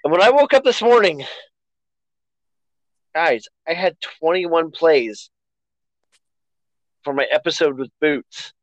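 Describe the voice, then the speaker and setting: A man's voice: fairly high pitch, lively intonation, takes it slowly, pauses often, dry recording, poor audio. Chatty self-mocking male podcast host. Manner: chatty, self-deprecating, rambling. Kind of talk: casual podcast chat.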